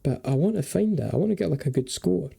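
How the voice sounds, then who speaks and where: A man's voice: on the high side, lively intonation, fast talker, vocal fry, dark tone, husky, faint music behind. A young man giving chatty, casual commentary while playing a geography game, thinking aloud and swearing and joking freely. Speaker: gaming video creator.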